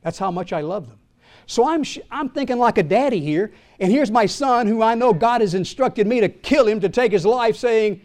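Older man preaching, high voice. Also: lively intonation, normal speed. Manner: dramatic preaching, swinging from loud to hushed; asks the congregation questions. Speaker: pastor. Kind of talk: sermon.

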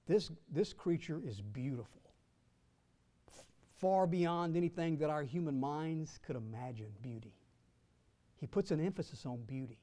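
Male preacher, sermon, slightly high voice, emphatic, drawn-out stresses, loud-to-soft swings. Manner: teasing asides with the congregation.

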